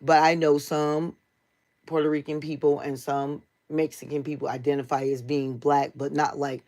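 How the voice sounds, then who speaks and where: An American woman with a somewhat low voice hosts a casual livestream. She speaks straight to her viewers in a chatty way. Her talk is blunt, heated and full of swearing. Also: little pitch movement, moderate pace, darkish tone. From United States. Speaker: livestream host.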